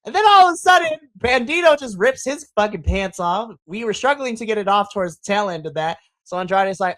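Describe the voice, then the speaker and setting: A podcast host recapping a wrestling show in casual chat, excitable and profane, acting out their own reactions. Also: medium pitch, normal speed, hardly any pauses, dry recording.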